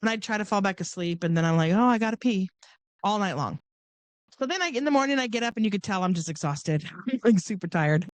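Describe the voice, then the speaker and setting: Speaking fast on a dry recording, this woman is a middle-aged podcast guest from Southern California. Her long personal story is told casually and with animation, and she voices the people in it using large pitch leaps.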